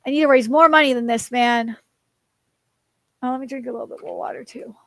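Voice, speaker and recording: A woman's voice: sits high, steady tone, fairly quick, dry recording. A woman streaming casually, rambling with many fillers and cooing at her cat in baby talk. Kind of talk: casual live-stream chat.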